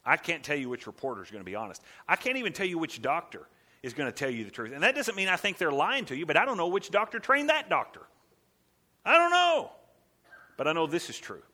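Bright-voiced male pastor preaching. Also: on the high side, big pitch swings, quick pace. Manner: conversational, emphatic, acts out quotes. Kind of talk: sermon.

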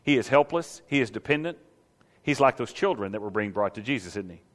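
A man preaching a sermon in an animated way, asking the congregation rhetorical questions and acting out the scene. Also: mid-range voice, fairly quick, in a large hall. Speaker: pastor.

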